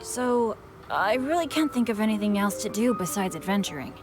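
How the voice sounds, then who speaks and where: A woman's voice: medium pitch, animated, moderate pace, close to an everyday voice. A woman voicing a cheerful, self-deprecating teenage boy adventurer in a video game, eager and bouncy. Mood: upbeat. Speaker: game character. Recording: game audio with loud background music.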